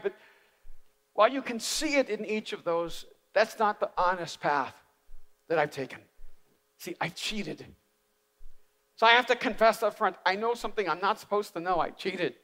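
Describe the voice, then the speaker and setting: A man preaching a sermon as an animated, humorous storyteller. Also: sits high. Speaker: speaker. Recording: reverberant live hall.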